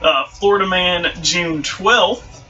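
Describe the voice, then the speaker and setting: A man's voice: high voice, slow pace, sharp tone. A man co-hosting a casual podcast, reading odd news articles aloud and laughing through them. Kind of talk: casual chat. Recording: distant mic, dull lo-fi sound.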